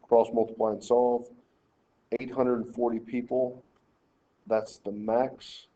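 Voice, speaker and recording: A man's voice: medium pitch, flat delivery, slow, mellow. Man talking through math steps, lo-fi. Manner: talks through problems step by step, directing students. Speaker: math teacher. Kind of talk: screen-recorded math lesson walkthrough.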